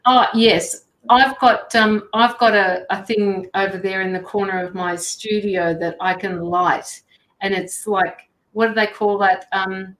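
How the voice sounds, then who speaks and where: A tarot reader and medium hosts a live stream from her studio, chatting casually and greeting viewers by name. Her mid-range voice is steady, unhurried and fairly bright, and the recording has a roomy studio echo.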